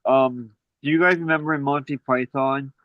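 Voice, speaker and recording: A man's voice: medium pitch, fairly even intonation, moderate pace, dry recording, phone-quality sound. A man calling in to a live stream, chatting casually. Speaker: caller. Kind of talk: casual call-in chat.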